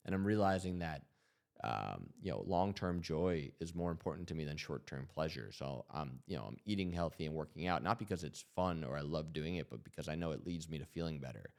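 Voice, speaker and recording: A man's voice: very deep voice, lively intonation, a little fast, vocal fry. A man in his thirties hosting a podcast, telling stories in an earnest, reflective way, with many fillers. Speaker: podcast host. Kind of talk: casual podcast storytelling.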